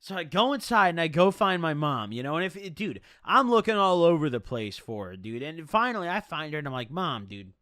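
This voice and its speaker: A young man spins a story for his stream in loose, swearing slang, his voice sitting a bit high and swooping up and down. The sound is close and dry. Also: big pitch swings, a little fast, hardly any pauses, sharp tone, dry recording. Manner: profane, rambling, slangy. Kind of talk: casual storytelling.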